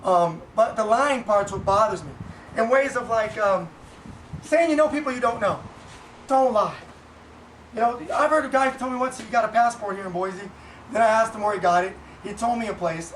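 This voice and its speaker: Fast-talking man ranting in an echoey room. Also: high voice, fairly bright tone, distant mic, slight background noise. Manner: blunt, profane, repetitive venting. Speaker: vlogger, business owner. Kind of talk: casual ranting monologue. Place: Boise, Idaho.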